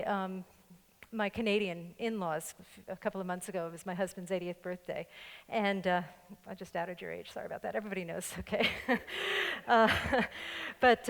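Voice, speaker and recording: An older woman pastor with a faint New York accent preaches in a joking, playful way, often laughing with her listeners. Her voice sits at a middle pitch, and a long reverb trails after it in the large church hall. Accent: slight New York. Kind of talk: sermon. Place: church sanctuary with congregation.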